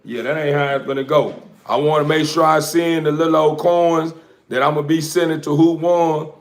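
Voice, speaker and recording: A man's voice: fairly high pitch, fairly even intonation, normal speed. A man who breeds dogs, chatting loosely to viewers on a livestream, full of slang and fillers. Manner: loose, rambling slang-heavy talk with many fillers. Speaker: dog breeder. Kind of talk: casual livestream chat.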